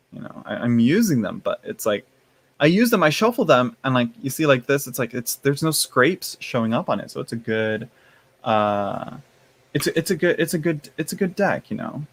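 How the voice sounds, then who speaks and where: A man's voice: mid-range voice, fairly bright tone. A tired man chatting casually on a live stream, rambling with many fillers and restarts, playfully sassy toward his chat, yawning now and then. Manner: playful sass, addresses chat as y'all and honey. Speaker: tarot streamer.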